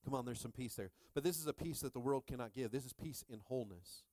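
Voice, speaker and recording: A man in his thirties preaching with lively, jokey energy, often jumping high in pitch as he acts out his own stories. The sound is dry and close. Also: fast talker, no echo. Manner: animated, jokey preaching with call-and-response. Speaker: pastor. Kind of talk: sermon.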